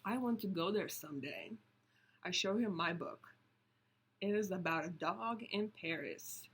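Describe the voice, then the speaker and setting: A woman reading a picture book aloud, slow and deliberate, stopping to point out the pictures. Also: on the low side, a bit bright, breathy edge. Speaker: storybook reader.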